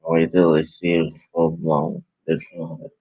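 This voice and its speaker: A man's voice: very deep voice, normal speed, no room sound, dull audio. A tired man with a New Orleans accent, talking casually on his live stream as a vlogger and podcast host, rambling and correcting himself. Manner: rambling, relaxed, self-correcting. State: tired and yawning.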